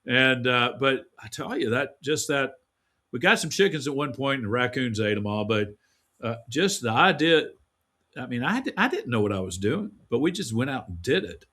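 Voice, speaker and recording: A man's voice: mid-range voice, expressive, normal speed, bright, forceful tone. A man being interviewed, telling stories in a rambling, folksy way with frequent restarts. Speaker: guest. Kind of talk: casual interview conversation.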